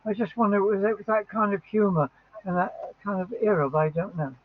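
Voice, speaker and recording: A man's voice: high-pitched, brisk. An older man chatting casually and reacting with rambling enthusiasm, full of restarts. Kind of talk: casual chat reacting to a song. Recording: tinny phone-like line.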